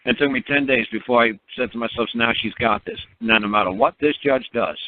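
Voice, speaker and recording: Male radio talker, mid-pitched, blunt and emphatic, laughs at his own stories, heard over a tinny phone line. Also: fairly quick, slight background noise. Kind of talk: animated monologue on a call-in radio show.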